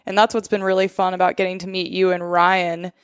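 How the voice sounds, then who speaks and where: A woman's voice: lowish voice, little pitch movement, fairly quick, clear, resonant tone, no room sound, clean studio sound. A woman in her thirties from Alaska, hosting a podcast and speaking earnestly and reflectively in casual chat. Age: 30s.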